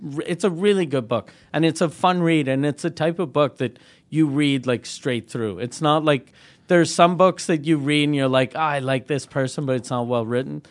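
A man co-hosting a casual podcast, relaxed and profane, laughing often. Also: on the high side, moderate pace. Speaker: podcast co-host. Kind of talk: casual chat.

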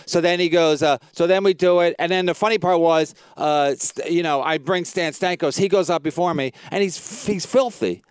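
A man's voice: on the high side, normal speed, few pauses, smooth, dry recording. A man telling a rambling, profane story, repeating "I go" as he acts out both sides of an argument. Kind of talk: casual podcast chat.

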